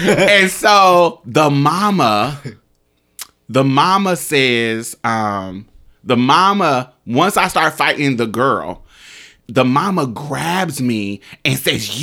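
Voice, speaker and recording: Give me an animated young man in casual chat, laughing, with a slightly higher voice. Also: slow pace. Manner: animated, laughing storyteller with sound effects.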